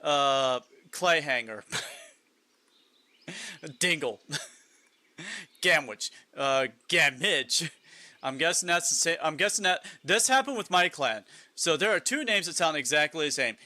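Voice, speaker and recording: A man's voice: on the high side, expressive, slow pace, pauses often, bright, forceful tone, no room sound. A man live-streaming a game in casual chat, reading lists aloud, musing, and chuckling often.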